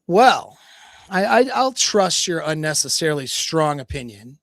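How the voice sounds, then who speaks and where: A man playing a nonchalant, deadpan flirt. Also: on the high side, a little slow, no room sound, studio quality, exaggerated voice.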